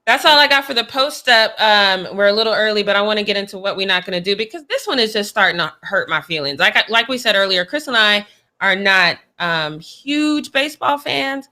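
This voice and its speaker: A woman's voice: medium pitch, expressive, a little fast, bright, forceful tone. A woman co-hosting a sports talk show, giving her opinions in casual, emphatic chat. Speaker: podcast co-host.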